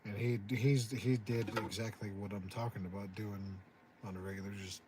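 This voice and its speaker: A man in casual chat, relaxed and chatty, with frequent swearing. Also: fairly low pitch, moderate pace, background noise. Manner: laid-back, profane, chatty.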